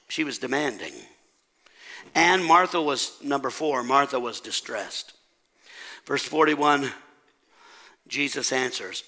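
Animated male preacher, high bright voice. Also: measured pace, long pauses. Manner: animated, dramatic, asks the congregation questions. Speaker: pastor. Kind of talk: sermon.

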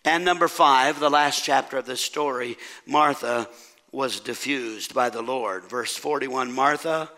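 A male pastor preaching an animated, dramatic sermon and quizzing his congregation. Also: medium pitch, unhurried.

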